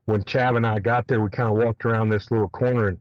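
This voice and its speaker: A man telling a hunting story in a casual, animated way, swearing freely. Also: fairly low pitch, fast talker, dry recording, muffled recording. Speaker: guest elk hunter.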